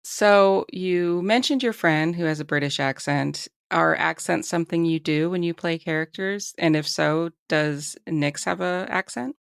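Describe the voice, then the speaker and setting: A woman's voice: lowish voice, unhurried, gravelly, few pauses, clear, resonant tone, no echo, studio quality. A woman hosting a podcast, asking friendly questions in a casual interview.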